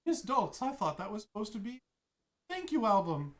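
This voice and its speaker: A woman's voice: medium pitch, very animated, moderate pace, voice pushed up, lightly acted. A woman voicing a nervous, fussy older male butler who speaks politely and hesitantly. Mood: fretful. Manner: hesitant, apologetic.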